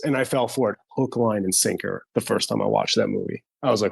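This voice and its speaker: Gravelly, husky man chatting about movies. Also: on the low side, brisk, hardly any pauses, no echo, rough recording. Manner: enthusiastic, acts out scenes. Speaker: podcast co-host. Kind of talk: casual movie-discussion chat.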